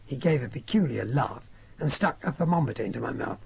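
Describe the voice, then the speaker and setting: Guy narrating an audiobook in first person, raspy and gravelly, lively pitch. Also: fairly quick.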